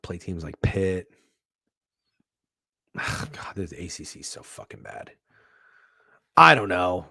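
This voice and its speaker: A man hosting a sports betting show, talking casually, swearing freely and swinging from hushed asides to loud bursts. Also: low voice, big pitch swings, slow pace, vocal fry, long pauses, no echo, studio quality. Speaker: sports betting podcast host.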